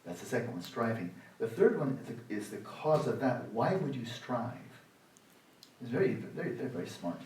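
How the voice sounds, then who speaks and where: A man in his sixties giving a dharma talk at a meditation retreat, sarcastic and animated, acting out the inner voices of his students. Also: mid-range voice, moderate pace, a little hiss or hum. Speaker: meditation teacher. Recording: roomy hall, voice from the mic's distance.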